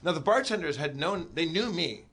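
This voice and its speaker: A man guest telling a comic story, animated and full of stammering restarts. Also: fairly high pitch, a little fast, very noisy. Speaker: podcast guest.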